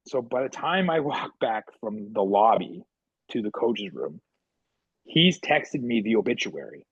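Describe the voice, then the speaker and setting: A man co-hosting a podcast, telling animated stories and acting out the quotes with sudden jumps in pitch. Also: normal speed, breathy edge, dry recording, lo-fi sound. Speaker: podcast co-host and goalie coach. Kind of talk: casual storytelling chat.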